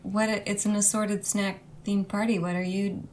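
A woman playing in a tabletop game, eager and excitable. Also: mid-range voice, normal speed, slight background noise. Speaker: player. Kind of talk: in-character tabletop play.

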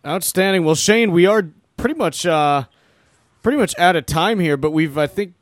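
A man's voice: high-pitched, moderate pace, no room sound, studio quality. A man co-hosting a casual sports podcast, upbeat as he wraps up the show. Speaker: podcast co-host.

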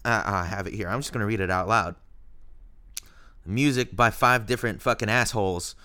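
A man's voice: on the low side, moderate pace, sharp tone. A man talking as a guest on a casual podcast, swearing and mocking as he goes.

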